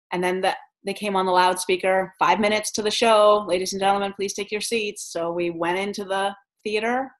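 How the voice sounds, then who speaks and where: A woman vlogger telling travel stories in a chatty, animated way, laughing as she goes. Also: mid-range voice. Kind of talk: casual storytelling vlog.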